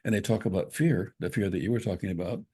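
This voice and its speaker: A man with a low, dark and husky voice speaks in a reflective spiritual talk. He tells his story in a measured way, restarting phrases often as he goes.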